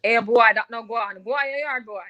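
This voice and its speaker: A woman's voice: fairly high pitch, fast talker, pushed and bright, dull audio, voice pushed up. Brief: woman doing a teasing Jamaican woman, sing-song lilt.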